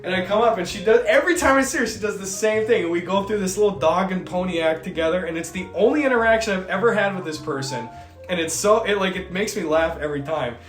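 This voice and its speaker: Brief: talkative young man streamer, slightly high voice, roomy sound with faint guitar behind. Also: fast talker. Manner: rambling, animated storytelling with quoted voices. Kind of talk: casual chat. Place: indoor streaming room.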